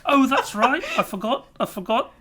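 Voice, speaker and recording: A man putting on a loud, jokey male radio persona on a podcast. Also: very high voice, lively intonation, moderate pace, a loud crowd, voice pushed up. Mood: sheepish. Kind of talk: podcast banter.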